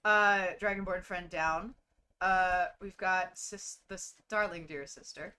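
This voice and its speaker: Bright-voiced woman game master. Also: on the low side, slow pace, slight background noise. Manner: rambling, swearing, laughing often. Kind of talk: casual tabletop narration.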